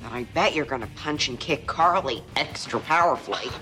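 A man's voice: mid-range voice, lively intonation, fairly quick, sharp tone, faint music behind. A young man playing a scheming, pompous young schemer in a sitcom, gloating and theatrical. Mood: sly. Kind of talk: sitcom acting.

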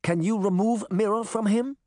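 A man's voice: high-pitched, normal speed, warm tone, no room sound, studio quality, voice pushed up, close to an everyday voice. A man voicing a kind but firm grandmother in her later years, speaking in a firm, pleading way.

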